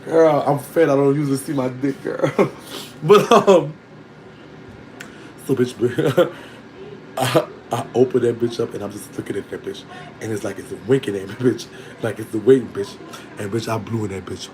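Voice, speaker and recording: A man telling a candid personal story to his online audience in a casual, animated way, often breaking into laughter. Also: mid-range voice, moderate pace, long pauses, a little hiss or hum, poor audio. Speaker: storytelling vlogger.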